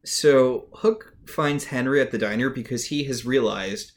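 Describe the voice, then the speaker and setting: Dry-humored podcast co-host, mid pitch. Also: unhurried. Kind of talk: casual recap chat.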